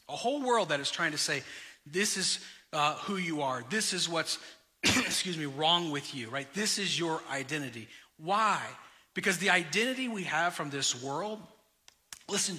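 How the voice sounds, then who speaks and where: A pastor preaches a sermon to his congregation in a bright, forceful voice somewhat higher than most men's, mixing personal anecdotes with direct appeals. He's an energetic storyteller addressing listeners directly, and the church hall gives his voice a long reverb.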